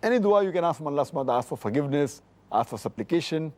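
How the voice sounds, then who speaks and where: Middle-aged scholar guy, mellow dark voice, lays out rulings and quotes hadith numbers. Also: on the high side, lively intonation. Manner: measured, cites hadith numbers precisely, repeats points. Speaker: Islamic scholar answering questions. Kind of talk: scholarly explanation with hadith citations.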